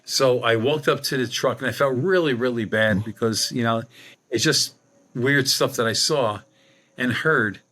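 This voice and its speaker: Speaking a little slowly in a fairly bright, medium-pitched voice, a middle-aged medium guesting on a podcast tells a long anecdote. This paranormal investigator acts out the conversation within it.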